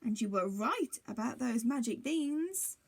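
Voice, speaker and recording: A woman's voice: a little high, sing-song, a little slow, a little hiss or hum. A woman voicing a loving relieved mother.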